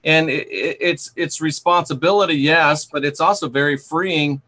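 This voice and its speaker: A man's voice: a little high, moderate pace, pushed and bright. A man hosting an interview, affirming his guest and asking probing questions. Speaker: host. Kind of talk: conversational interview.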